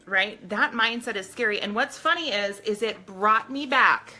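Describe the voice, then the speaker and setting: A woman's voice: mid-range voice, normal speed, bright, forceful tone. A woman hosting a casual live stream, talking earnestly to her viewers and reading aloud from a book. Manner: earnest, addresses viewers directly.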